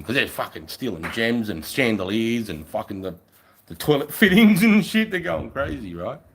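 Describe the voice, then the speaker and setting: An Australian man, a middle-aged army veteran, telling war stories on a live stream in a casual, profane, animated way. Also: medium pitch, normal speed, vocal fry, slight background noise, low-quality recording. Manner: profane, animated, acts out voices. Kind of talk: casual storytelling.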